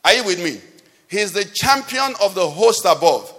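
A man's voice: sits high, very animated, moderate pace, bright, forceful tone. A man preaching a sermon, asking the congregation rhetorical questions with emphasis. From Nigeria. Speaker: pastor. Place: church hall. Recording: long hall reverb.

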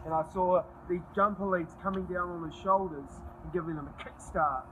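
A man, recorded outdoors, recounting an event in a halting casual way. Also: high-pitched, fairly bright tone, a little hiss or hum, low-quality recording. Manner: halting, with restarts and fillers.

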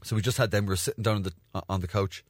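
Irish comic host, young guy, low voice, dry close sound, rambling and crude. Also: steady tone, rapid-fire, no echo. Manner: rambling, crude, swears freely, acts out voices in a high pitch. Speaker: comedian podcast host. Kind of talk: casual storytelling monologue.

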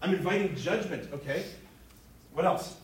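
A priest giving a lively, joking talk to teenagers in a room, often stopping to ask the audience questions. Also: male voice, sits high, moderate pace, a little hiss or hum. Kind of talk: interactive talk to teens. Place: room with a live youth audience.

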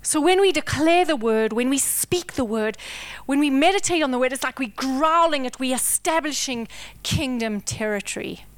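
Dramatic high-voiced woman preacher. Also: animated, moderate pace, no room sound. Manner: dramatic, swings from intense whispers to loud declarations. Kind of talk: sermon.

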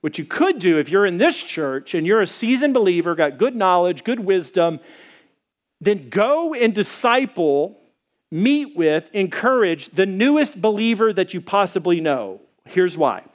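A man's voice: big pitch swings, measured pace. A middle-aged man preaching a sermon as a pastor, telling stories in a conversational way with many fillers and hesitations. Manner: acts out quoted voices in a higher pitch.

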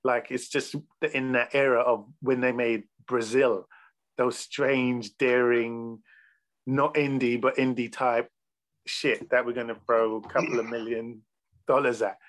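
A man's voice: medium pitch, level tone, unhurried, fairly bright tone. Easygoing profane man on a podcast. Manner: loose, profane and enthusiastic. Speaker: podcast panelist. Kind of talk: casual podcast chat.

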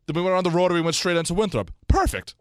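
Animated high-voiced man. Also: very fast, smooth, no echo, studio quality. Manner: animated storytelling, acts out his own quotes. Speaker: podcast co-host. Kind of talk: casual chat.

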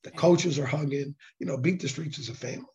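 A hoarse man, a nonprofit director, talking earnestly in a casual interview and often restarting his sentences. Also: a little high, fast, a crowd in the background. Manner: earnest, with frequent restarts and fillers. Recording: dull lo-fi sound.

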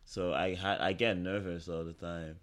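A man's voice: sits low, little pitch movement, moderate pace, fairly bright tone. A man as a podcast guest in casual chat, talking hesitantly with many fillers.

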